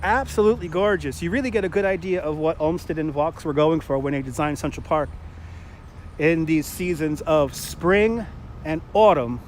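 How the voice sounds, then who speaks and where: A man's voice: on the high side, normal speed, a little hiss or hum. A man from Brooklyn with a New York accent, hosting a live walking tour outdoors and chatting and joking with viewers as he goes. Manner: chatty, jokey, laughs often, greets viewers. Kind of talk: casual live-stream tour narration. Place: outdoors in a city park.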